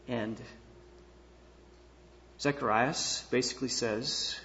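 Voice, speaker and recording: A man preaching a sermon, reading scripture and explaining it, moving between hushed, slow passages and loud, emphatic ones. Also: a little high, muffled recording. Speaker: pastor.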